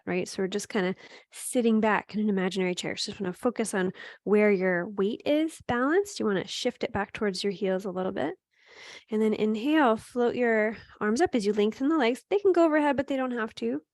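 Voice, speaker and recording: A woman with a fairly high voice leads a gentle yoga class, her instructions calm and encouraging. She checks in with students as she goes and fills pauses with soft "um"s. The sound is close and dry, with no room echo. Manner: calm, encouraging cues with frequent "right?" and "um"; speaks to students by name. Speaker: yoga teacher.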